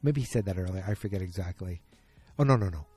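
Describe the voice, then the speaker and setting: A man's voice: sits low, lively intonation, quick pace, mellow, breathy edge, faint music behind. A man hosting a casual solo podcast, recapping an episode in a rambling, self-correcting way. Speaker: podcast host.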